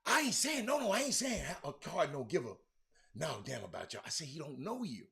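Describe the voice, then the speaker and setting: A man hosting a sports talk stream with a Houston accent, loudly calling out viewers by name, repeating himself and talking over the chat. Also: fairly high pitch, very animated, fairly quick, creaky. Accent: Southern US, Houston. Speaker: sports talk show host. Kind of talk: animated live-stream sports talk, reading viewer comments.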